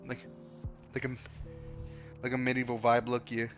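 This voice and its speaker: A man's voice: medium pitch, completely flat delivery, moderate pace, faint music behind. A young man streaming a game, chatting casually in a rambling, profane way, full of stop-start restarts.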